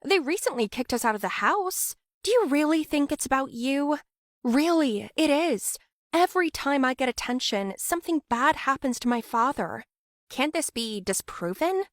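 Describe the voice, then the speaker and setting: A woman's voice: high voice, expressive, moderate pace, dry recording, clean studio sound, pitched above the performer's own voice. A woman voicing a shy, anxious young woman who believes she is cursed, stammering and flustered.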